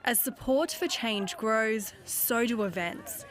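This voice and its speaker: A woman with an Australian accent reading a scripted news voice-over, crisp and deliberate. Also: on the high side, faint music behind. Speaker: news reporter.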